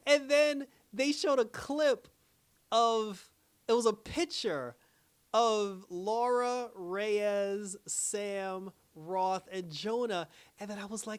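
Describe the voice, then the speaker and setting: A young man giving a casual, animated review on his own channel, laughing often and restarting his sentences. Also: high-pitched, takes it slowly. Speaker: YouTube reviewer.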